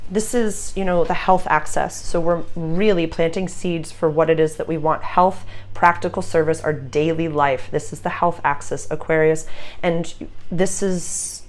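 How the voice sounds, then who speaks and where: A woman's voice: lowish voice, a little slow. A young adult woman giving a casual, effusive astrology reading, gushing encouragement at her listeners.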